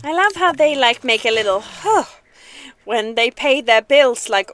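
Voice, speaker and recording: High lively woman rambling on a game stream, giggly, faint hiss behind. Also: a little slow. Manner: giggly, chatty and playful. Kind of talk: casual gaming stream chat.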